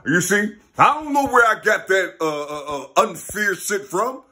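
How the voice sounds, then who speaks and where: A man talking in a rambling, casual monologue, full of street slang and constant "you see?" checks, now and then laughing or bursting out loud. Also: high-pitched, normal speed, few pauses. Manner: street slang, repeats "you see?" and "you know what I'm saying?"; excitable, mixes laughs and sudden loud bursts.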